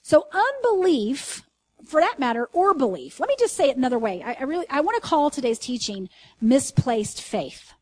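A woman teaching a sermon in an earnest, conversational way, asking her listeners questions and reading scripture slowly with emphasis. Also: high voice, sing-song, a little mellow, dry recording. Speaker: Bible teacher.

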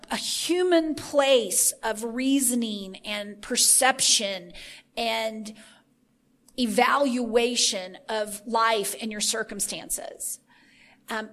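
A woman's voice: on the high side, fairly bright tone. A woman giving an informal sermon on her podcast, earnest, stacking repeated phrases for emphasis and thinking aloud. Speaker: podcast host teaching the Bible.

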